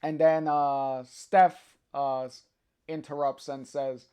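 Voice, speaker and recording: A livestreamer reads a comic aloud at an unhurried, drawn-out pace. The talk is hesitant and full of filler sounds. It breaks off for chatty asides to the viewers. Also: medium pitch, flat delivery, warm tone, clean tone. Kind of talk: reading a comic aloud on stream.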